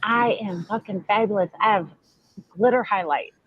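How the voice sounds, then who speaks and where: A woman's voice: mid-range voice, normal speed, husky, dry recording. Sassy, brash woman from Texas, dull dry sound. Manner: sassy, brash, swears freely. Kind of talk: casual chat.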